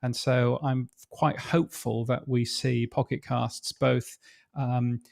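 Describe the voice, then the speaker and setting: British man with a gravelly voice. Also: mid-range voice, level tone, takes it slowly, darkish tone, dry recording, studio quality. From Britain. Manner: hesitant, many fillers and restarts. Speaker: podcast industry guest. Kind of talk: casual interview chat.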